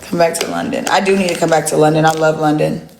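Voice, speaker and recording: A woman's voice: sits low, fairly even intonation, fast, a little mellow, echoey room, slight background noise. A woman chatting casually on a livestream from home, brash and profane, teasing and trash-talking. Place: at home indoors. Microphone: phone livestream.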